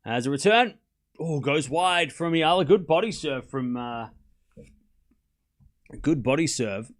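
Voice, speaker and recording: A man's voice: fairly high pitch, animated, measured pace. Chatty man calling tennis live. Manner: casual, chatty, answers chat questions between points. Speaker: host. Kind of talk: live tennis watchalong commentary.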